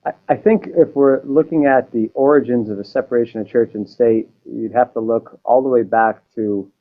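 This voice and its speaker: A man from Massachusetts answering interview questions in a measured, explanatory way. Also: mid-range voice, steady tone. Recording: dull, lo-fi sound.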